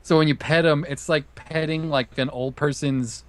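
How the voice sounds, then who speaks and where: A man's voice: on the high side, fairly even intonation, normal speed, dry recording. A man chatting casually as a guest player, easygoing and laughing between remarks. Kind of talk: casual chat while gaming.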